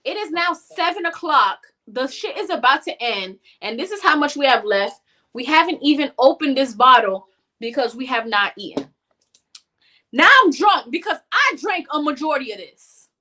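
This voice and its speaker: A woman on a podcast tells a story in a loose, profane and animated way. Her voice sits high and sounds bright. The delivery is casual, like chatting with friends. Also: moderate pace. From North Miami. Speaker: podcast co-host. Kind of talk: casual chat.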